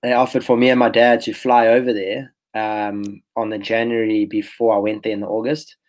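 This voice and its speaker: A young man with a fairly low voice, talking through his story as a podcast guest. He rambles in a relaxed way, often backing up to restart a phrase. It sounds like easygoing interview chat. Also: moderate pace, poor audio. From South Africa. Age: 20s. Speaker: professional golfer guest.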